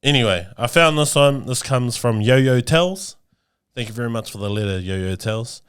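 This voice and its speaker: A man's voice: mid-range voice, lively intonation, moderate pace, a bit bright, clear, resonant tone. A man with a New Zealand accent co-hosting a comedic podcast, brash and laddish, tossing "mate" into nearly every phrase. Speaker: podcast co-host.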